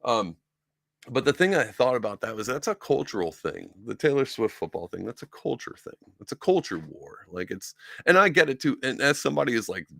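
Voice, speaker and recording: A man's voice: medium pitch, sing-song, brisk, vocal fry, a bit bright, dry recording, clean studio sound. A man hosting a solo talk show, rambling and sarcastic, with lots of ums and restarts. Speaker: podcast host. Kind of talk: casual solo commentary. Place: room with sci-fi collectibles behind him.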